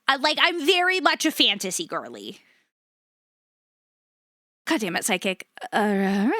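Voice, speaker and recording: A woman's voice: high voice, pushed and bright, no echo, studio quality. A woman streaming live, chatting casually with her viewers, laughing often and swearing freely.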